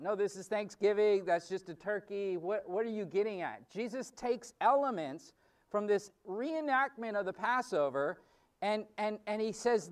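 A man's voice: high-pitched, animated, moderate pace, distant mic. A man preaching a sermon as pastor, teaching in a conversational way with fillers and restarts.

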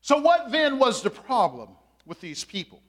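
A man preaching a sermon in a strikingly high voice. He stretches out his key phrases for emphasis and fills his pauses with "uh." He speaks as a pastor working through a passage with his congregation. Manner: animated preaching, drawn-out emphatic phrases, frequent "uh" fillers.

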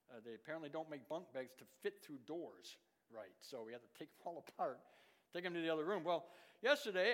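A middle-aged man preaching a sermon as pastor, swinging from loud, emphatic lines to hushed, low asides. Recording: long reverb of a large hall.

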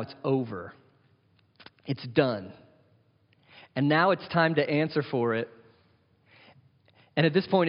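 A man preaching a sermon as pastor, earnest and conversational, lifting his voice for emphasis. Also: mid-range voice. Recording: dull sound with long hall reverb.

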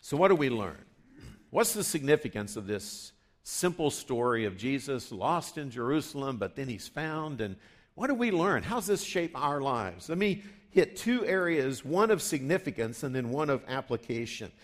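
A man preaching a sermon in a conversational way, rising for emphasis and dropping low for asides. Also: very animated, moderate pace. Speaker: pastor.

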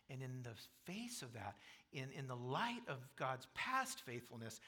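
A man preaching a sermon as pastor, reading scripture and building to loud, emphatic passages. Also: mid-range voice, slightly rough. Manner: quotes scripture aloud.

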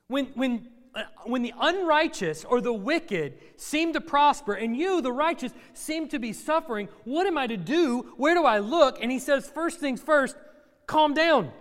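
A man preaching a sermon to a congregation, conversational with dry sarcastic humor. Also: extremely high pitch. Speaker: pastor. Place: church sanctuary. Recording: long reverb of a church hall.

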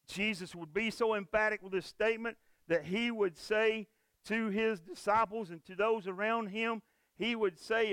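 Guy preaching in church, high clear voice, really emphatic, keeps repeating himself for punch. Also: fairly even intonation, normal speed, a bit bright, dry recording. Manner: emphatic, repetitive preaching cadence. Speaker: pastor. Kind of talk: sermon with closing prayer.

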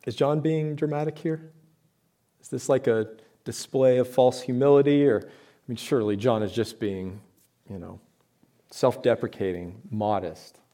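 A man's voice: mid-range voice, normal speed, dark tone. A man preaching a sermon to his church, talking in a conversational way with rhetorical questions and emphatic points. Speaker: pastor.

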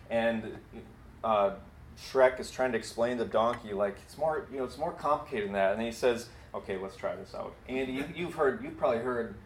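A man's voice: mid-range voice, roomy sound, a little hiss or hum. A man preaching a sermon in a casual, storytelling and self-deprecating way. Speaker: pastor. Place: church building.

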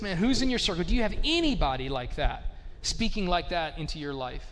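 A man's voice: high voice, lively intonation, brisk, a bit bright, big-room sound, a little hiss or hum. A man preaching a casual, conversational sermon, peppering his talk with "like" and asking the listeners rhetorical questions. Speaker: pastor.

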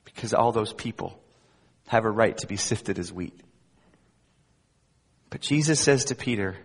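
Male pastor, sermon, husky voice, emphatic then hushed, long hall reverb. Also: on the low side, expressive, a little slow, long pauses. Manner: emphatic preaching with wide swings between loud emphasis and soft asides.

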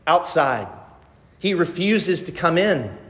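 A man's voice: on the high side, sing-song, slow, a bit bright. A male pastor preaching a sermon, emphatic and full of rhetorical questions. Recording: long hall reverb.

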